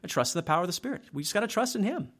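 A man's voice: high voice, big pitch swings, racing, a bit bright. A middle-aged man preaching a sermon as a pastor, talking conversationally and often checking in with "right?". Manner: conversational, frequent "right?" tag questions.

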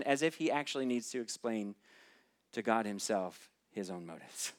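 A man's voice: fairly low pitch, lively intonation, moderate pace. Man preaching a conversational sermon. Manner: conversational, questioning the listeners directly.

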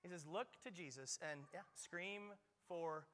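A male pastor preaching a lively sermon at a church service, playful and joking with frequent quick restarts. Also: high voice. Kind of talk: lively sermon with audience play.

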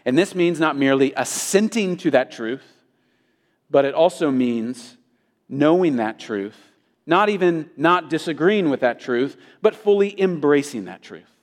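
A man's voice: fairly high pitch, animated, measured pace. A male pastor preaching an emphatic sermon, with his intensity rising and falling. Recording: long hall reverb.

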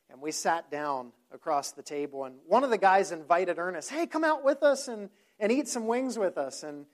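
A man, a pastor, telling a story in a sermon in a conversational way, with frequent repeated words and quoted dialogue. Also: on the high side.

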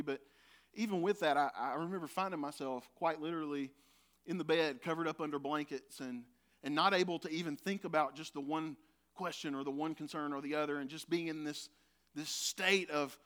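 A man's voice: a little high, pushed and bright. A man preaching a conversational sermon, telling a personal story and laughing now and then. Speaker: pastor.

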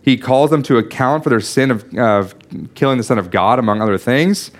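A man's voice: medium pitch, a little fast. A man preaching a sermon, explaining a Bible passage in an earnest teaching manner with frequent restarts and small asides. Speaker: pastor.

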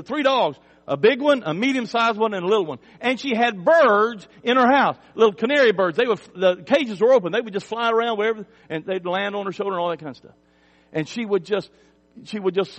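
A male pastor preaching a sermon, telling stories in a conversational way, with emphatic swells and quiet drops. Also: sits high, long reverb tail. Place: church sanctuary.

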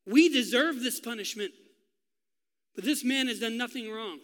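High, bright-voiced male pastor preaching. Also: moderate pace, big-room sound. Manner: dramatic storytelling, swinging from loud to hushed. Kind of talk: sermon.

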